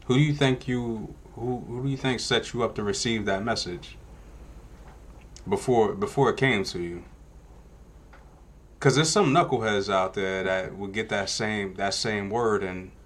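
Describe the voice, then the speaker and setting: A man's voice: on the low side, a little slow. A man who is a podcast guest, talking in a laid-back, slangy way in casual chat.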